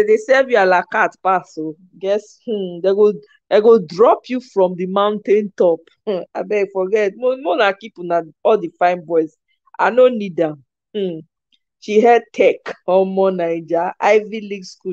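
A woman host with a Nigerian accent, chatting casually as she reacts to viewer comments, animated and laughing often, slipping into Pidgin. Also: on the low side, unhurried, no room sound, muffled recording.

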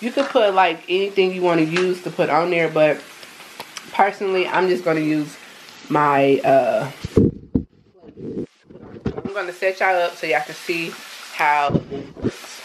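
Woman vlogger, lowish voice, chatty and upbeat, home kitchen, faint noise. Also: unhurried, long pauses. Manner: chatty and upbeat, addresses viewers as y'all. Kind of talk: casual vlog chat.

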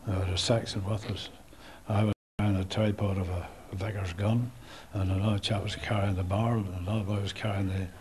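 A Northern Irish man in his eighties, a war veteran recalling events in a halting oral history interview with restarts and soft chuckles. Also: lowish voice, little pitch movement, rough recording. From Northern Ireland. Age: 80s.

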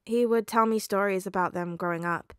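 A woman's voice: mid-range voice, brisk, a bit bright, clean tone, no room sound, clean studio sound, lightly acted. A woman reading a fan story aloud, voicing a nervous, grieving teenage boy who hesitates and trails off with ums.

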